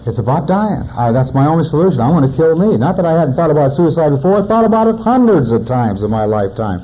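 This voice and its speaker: A man's voice: a little high, big pitch swings, fast, muffled recording. A man in his forties, a recovering alcoholic, giving a personal testimony in a plainspoken storytelling manner with wry humor. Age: 40s.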